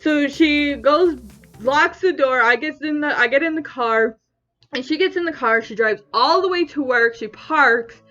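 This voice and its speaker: Bright high-voiced young woman telling a story. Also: measured pace. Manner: animated retelling, acting out quoted voices. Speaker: vlogger. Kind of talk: casual personal storytime. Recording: slightly dull audio with faint music.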